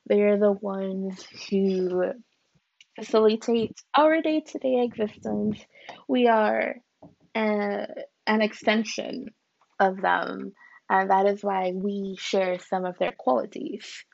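A woman's voice: medium pitch, fairly even intonation, slow pace, creaky, darkish tone, no echo, dull audio. A woman hosting a podcast from a room at home, reading aloud and musing in a chatty way with lots of "like" and "you know". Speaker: podcast host. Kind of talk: casual podcast talk mixed with reading aloud.

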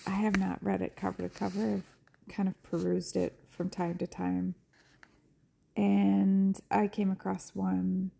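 Woman, middle-aged, podcast host, casual chat, rambling, laughing, dark husky voice. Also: mid-range voice. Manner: chatty and rambling, laughs often, drifts into whispers. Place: at home.

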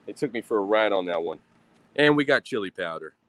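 A man's voice: lowish voice, animated, brisk, low-quality recording. A man hosting a casual livestream outdoors at a grill, talking in a profane, rambling, self-mocking way into a phone. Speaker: livestream host.

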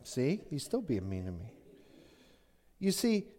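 Animated male pastor preaching. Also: mid-range voice, slow. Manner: animated, conversational storytelling. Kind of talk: sermon.

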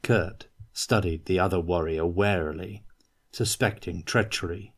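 A man reading a fantasy novel aloud in a measured, dramatic way. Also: low-pitched, steady tone. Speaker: reader.

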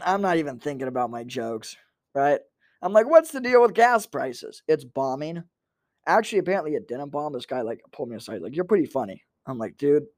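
Young male podcast host, crude comic storyteller, slightly high voice, dry close sound. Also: a little mellow, no echo. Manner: self-deprecating, crude storytelling. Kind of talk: casual comedic storytelling.

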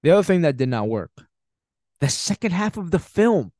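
Guy on his podcast going off about a movie, voice jumps all over, kinda high, dry close mic. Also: moderate pace, dry recording. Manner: animated, emphatic, swears, laughs often. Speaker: podcast host. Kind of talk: casual film review.

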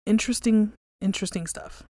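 A woman hosting a podcast, reading creepy stories aloud and then chatting casually, relaxed and conversational, with some swearing. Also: mid-range voice, a little fast, dry recording, clean studio sound.

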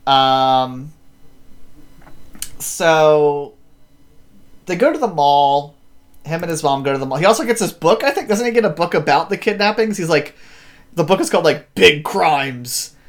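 A man's voice: on the high side, animated, unhurried, long pauses. A man recapping a story in casual chat, rambling with many fillers and acting out quotes. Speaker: podcast host.

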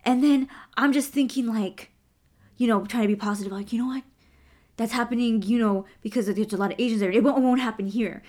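A woman's voice: fairly high pitch, brisk, a little mellow. A young American woman telling a personal story earnestly in a casual podcast conversation, full of "like" fillers. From United States. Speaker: guest.

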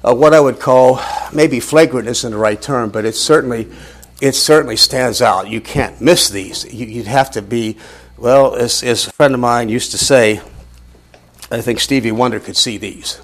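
A man teaching a sermon, reading scripture aloud with rising emphasis and asking rhetorical questions. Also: medium pitch. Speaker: Bible teacher.

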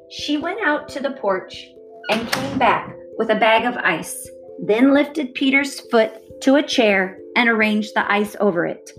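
A woman reading a novel aloud in a steady, measured storytelling voice. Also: mid-range voice, faint music behind. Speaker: reader.

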